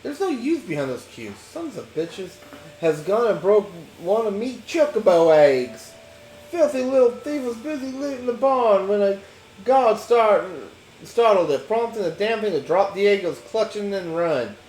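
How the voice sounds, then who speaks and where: A man voicing a furious, gruff male ranch hand with a mixed British and Texan put-on accent, blustery and cursing. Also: sits high, big pitch swings, normal speed, darkish tone, slight background noise. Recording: echoey room, game music behind.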